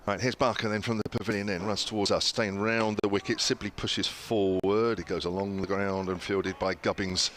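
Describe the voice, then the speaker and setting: Deep-voiced male cricket commentator. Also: moderate pace, hardly any pauses. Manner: relaxed, chatty, frequent "uh" fillers. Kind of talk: ball-by-ball radio commentary.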